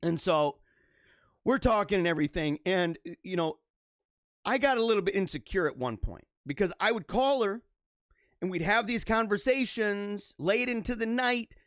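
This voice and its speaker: A man's voice: sits high, fairly bright tone, dry recording, clean studio sound. A young man hosting a casual livestream, reading viewer comments and rambling through laughing asides.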